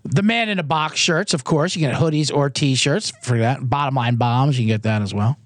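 A man's voice: medium pitch, brisk, no echo, studio quality. A man hosting a sports betting podcast in a casual, jokey, rambling way, often interrupting himself. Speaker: podcast host.

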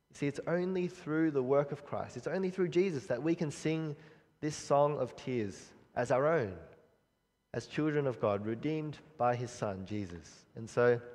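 A man preaching a sermon in an earnest, measured way, pausing and restarting often. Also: mid-range voice, darkish tone. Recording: long reverb of a hall.

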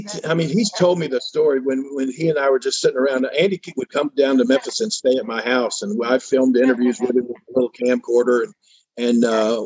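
A man's voice: medium pitch, darkish tone, slightly rough, no room sound, highs cut off. An older man telling a long story in a casual interview, acting out the voices of the people he quotes. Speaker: interview guest.

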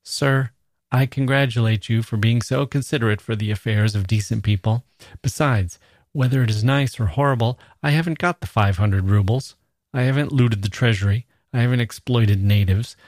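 A man's voice: medium pitch, normal speed, a little mellow, no room sound, clean studio sound, lightly acted. A man voicing a sickly, bitter educated passenger who declaims with heavy irony. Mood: sardonic. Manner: ironic, declaiming.

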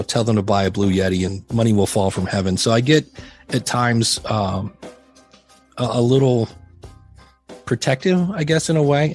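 Candid middle-aged man, husky voice. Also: medium pitch. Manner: candid, self-deprecating storyteller with many restarts. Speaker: podcast guest. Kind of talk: casual interview chat.

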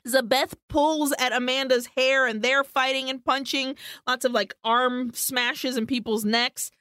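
Animated woman recapping a film. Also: sits high, unhurried, hardly any pauses, dry recording, clean studio sound. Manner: animated retelling, swears freely. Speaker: podcast co-host. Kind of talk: casual chat recapping a film.

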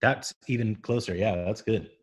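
A man co-hosting a comedic podcast, talking in a laid-back, dry, deadpan way. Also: fairly low pitch, normal speed, slightly rough. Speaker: podcast co-host. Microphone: video call.

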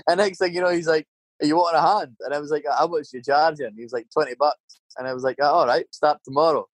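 A man's voice: on the high side, fairly even intonation, fast talker, no room sound. Swearing Scottish man telling stories. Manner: swearing, rambling anecdotes with tag questions. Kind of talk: casual storytelling chat.

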